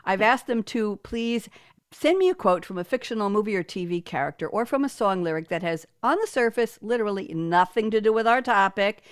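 A woman hosting a podcast, telling chatty stories and joking with her guests in an animated way. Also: lowish voice, no room sound, studio quality. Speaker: podcast host. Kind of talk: casual interview chat.

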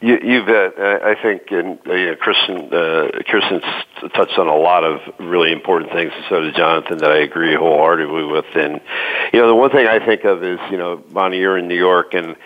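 A man's voice: low voice, fairly even intonation, a little fast. A man from Pennsylvania, a panel guest, telling a rambling story with many restarts. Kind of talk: casual chat. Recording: muffled phone-line audio.

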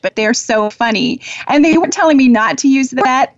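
A woman's voice: high-pitched, no echo, lo-fi sound. Affectionate spiritual talk host, a woman. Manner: warm, affectionate, laughs often, pauses with fillers. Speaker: host, angel communicator. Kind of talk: spiritual talk show monologue.

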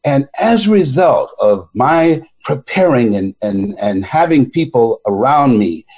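A man giving a motivational speech, telling stories with a preacher-like cadence and repeating words when excited. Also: mid-range voice, a little slow. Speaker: motivational speaker.

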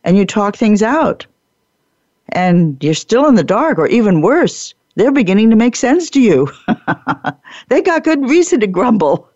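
A woman podcast host telling a workplace parable in an animated, playful way, laughing often and acting out the characters. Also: fairly high pitch, a little slow, no room sound, dull audio. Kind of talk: storytelling lecture.

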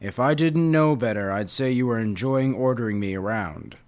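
A man reading aloud, voicing a proud, touchy old male tiger guardian in a gruff, indignant way. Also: mid-range voice, moderate pace, darkish tone, natural voice. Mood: grumpy.

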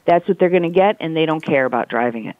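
A woman guest speaking in a measured, matter-of-fact way, offering figures in conversation. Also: deep voice, expressive, dry recording, narrow, tinny audio. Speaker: guest expert. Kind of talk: conversational commentary.

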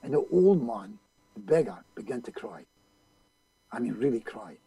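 A gravelly, somewhat husky man tells a story as an interview guest. His pitch swings widely as he acts out the other people in it. The sound is close and dry. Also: very animated, normal speed, warm tone, no echo, low-quality recording. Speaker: hypnotist guest. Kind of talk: telling a story in a conversational interview.

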